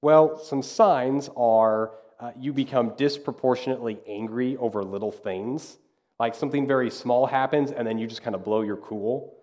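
A man's voice: medium pitch, dark tone. A man preaching a sermon in a conversational way, acting out little asides now and then. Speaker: pastor.

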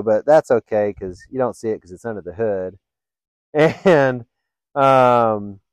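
A man hosting a podcast, telling funny stories in a casual, animated way and laughing often. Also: medium pitch, no echo, low-quality recording. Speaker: podcast host. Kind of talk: casual storytelling chat.

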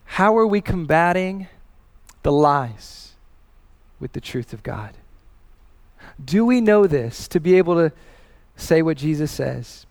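A man's voice: fairly high pitch, expressive, takes it slowly, long pauses, a little mellow. A man in his thirties preaching a sermon as pastor, earnest and personal, rising in emphasis as he tells a family story.

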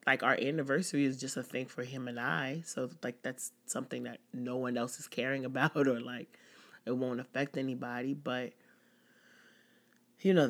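A woman hosting a casual personal podcast, talking candidly and rambling with many "like"s. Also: a bass voice. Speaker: podcast host.

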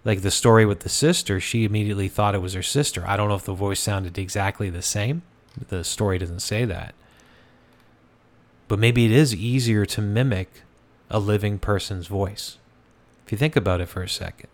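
A man with a fairly low voice tells a ghost story in a loose, conversational way. He stops and restarts often and fills the gaps with "uh" and "kinda". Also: normal speed. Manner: relaxed, conversational, many fillers and restarts. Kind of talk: casual storytelling.

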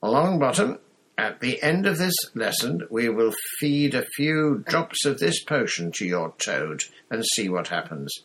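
A man's voice: medium pitch, very animated, a little slow, fairly bright tone, a little hiss or hum, voice pushed up. A man reading an audiobook, voicing a cold, sneering male potions teacher. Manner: cold, cutting.

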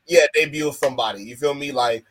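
A man's voice: medium pitch, fast, a bit bright, poor audio. A man co-hosting a casual wrestling podcast, laid-back and chatty, often checking in with his partner. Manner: laid-back, keeps asking "you feel me". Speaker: podcast co-host.

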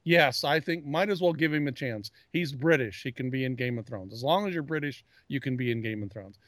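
At a brisk clip and medium pitch, a male podcast co-host chats about pop culture on a dry, clean studio recording. He's a self-described geek who rambles and frequently starts his sentences over.

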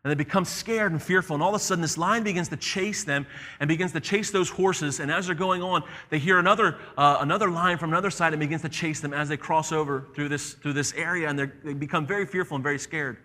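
Bright, earnest preaching man in an echoey hall. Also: fairly high pitch, quick pace. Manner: earnest storytelling, with repeated phrases. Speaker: pastor. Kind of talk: sermon.

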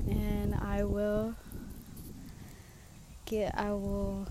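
A woman's voice: medium pitch, fairly even intonation, slow, background noise. A young woman hosting her own podcast, talking in a reflective, heartfelt way from a swing outdoors among trees. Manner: reflective and heartfelt, with soft laughs. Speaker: podcast host. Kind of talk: casual personal podcast monologue.

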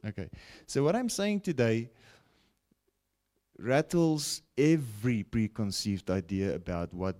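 A male preacher delivering a broadcast sermon at an unhurried, deliberate pace. His pitch swings widely as he builds points, then drops low. He checks in with his listeners now and then. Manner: animated, rising and falling preaching with frequent "okay?" asides. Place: broadcast teaching setting.

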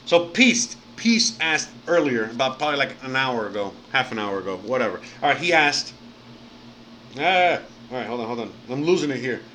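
A man's voice: mid-range voice, big pitch swings, normal speed, sharp tone, slight background noise, rough recording. A man from Miami chatting casually on a live stream, rambling with lots of fillers, swearing now and then and thanking viewers by name. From Miami, United States.

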